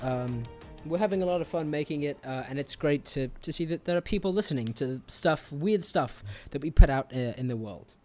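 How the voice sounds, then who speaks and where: A man's voice: on the high side, expressive, brisk, few pauses, darkish tone, faint music behind. A man giving casual podcast announcements, rambling with many fillers and poking fun at himself. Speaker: podcast player making announcements.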